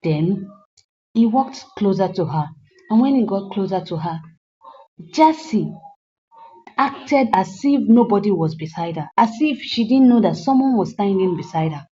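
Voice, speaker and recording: A woman's voice: medium pitch, lively intonation, measured pace, dark tone, lo-fi sound, a little hiss or hum. A woman retelling a film's story in a casual recap, with earnest moralizing asides to her viewers. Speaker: movie recap narrator. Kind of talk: storytelling film recap with commentary.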